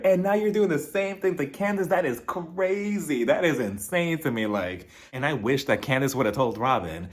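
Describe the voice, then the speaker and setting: A young man casually recapping a reality TV episode, sassy and animated, sometimes mimicking cast members. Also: on the high side, normal speed, hardly any pauses.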